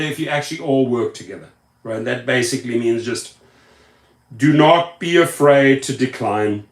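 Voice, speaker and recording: With a reverberant sound, a rideshare YouTube host on a live stream reads out viewer comments in a slightly high, somewhat bright voice. He stresses points by repeatedly chanting words.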